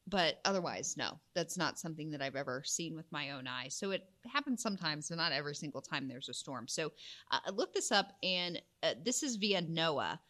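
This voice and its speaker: Lively, bright-toned woman, giggly. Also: sits low, fairly quick. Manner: animated storyteller, giggly. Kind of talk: casual chat about weather myths.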